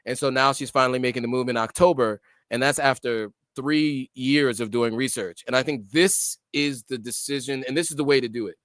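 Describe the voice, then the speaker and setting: A man's voice: mid-range voice, brisk, hardly any pauses, fairly bright tone, dry recording. A middle-aged American man hosting a casual livestream, reading out viewer comments and answering them with many ums and restarts.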